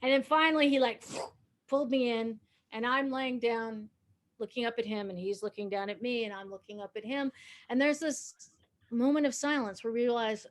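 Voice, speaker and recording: A woman's voice: a little high, steady tone, moderate pace. A woman in her fifties doing stand-up comedy, telling a long story in a conversational, self-deprecating way and chuckling as she goes.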